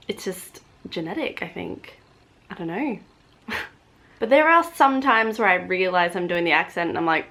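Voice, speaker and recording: An Australian woman vlogging in an animated, chatty way. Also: medium pitch, moderate pace. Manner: chatty, animated, drifts into impressions. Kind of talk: casual chat to camera.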